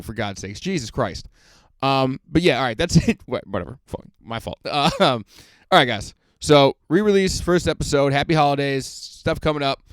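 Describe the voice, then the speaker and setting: A man's voice: medium pitch, no echo. Rambling profane young man, dry studio sound. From suburbs of Boston, US. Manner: rambling, profane, laughs often. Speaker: podcast host, stand-up comedian. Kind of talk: casual podcast banter.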